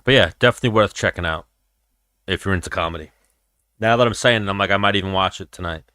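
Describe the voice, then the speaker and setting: A man's voice: low-pitched, fast talker, pushed and bright, clean tone, no room sound, clean studio sound. A young man hosting a livestream, chatting loosely and rambling with a lot of profanity. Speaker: livestream host. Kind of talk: casual chat with live chat.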